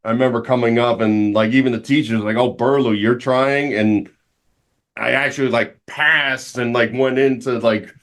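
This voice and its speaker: A man's voice: medium pitch, fairly even intonation, normal speed, fairly bright tone. A man in casual podcast chat, rambling through stories with lots of fillers. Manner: rambling, storytelling, filler-heavy.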